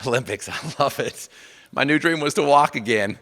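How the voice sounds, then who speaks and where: A man giving a motivational speech to an audience, telling a personal story with repeated refrains and swinging from loud emphatic bursts to hushed lines. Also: fairly high pitch, expressive, quick pace. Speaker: motivational speaker.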